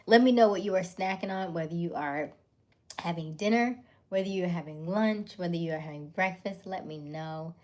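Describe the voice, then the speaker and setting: A woman hosting a casual livestream while eating dinner, chatting, greeting viewers by name, laughing often and sometimes dropping to a soft half-whisper. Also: lowish voice, moderate pace. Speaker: livestream host.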